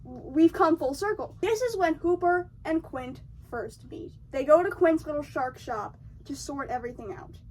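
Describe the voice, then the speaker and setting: Young female video essayist, high voice, chatty slangy retelling, recorded a bit off-mic. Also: animated, moderate pace, few pauses, a little mellow, far from the mic. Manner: chatty and slangy, acts out characters' lines. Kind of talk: casual film recap.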